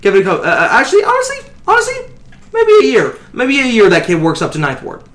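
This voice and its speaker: A man's voice: high voice, wildly swooping pitch, quick pace, fairly bright tone, echoey room, voice pushed up, exaggerated voice. A man doing a back-slapping agency boss. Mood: chummy. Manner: back-slapping, rambling, folksy. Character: boisterous middle-aged male hero-agency boss.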